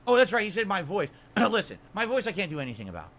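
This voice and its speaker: A man with a high-pitched, sharp and bright voice addresses his camera. He defends himself with one rhetorical question after another and sounds put out. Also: wildly swooping pitch, fast. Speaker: streamer in a played clip.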